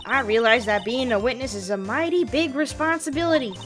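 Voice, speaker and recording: A woman's voice: high-pitched, brisk, over music, natural voice. A woman voicing a brash young southern woman photographer with a put-on Southern accent, drawling and folksy while reading game dialogue. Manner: drawling, folksy, wheeling-dealing. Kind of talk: reading a game's dialogue aloud.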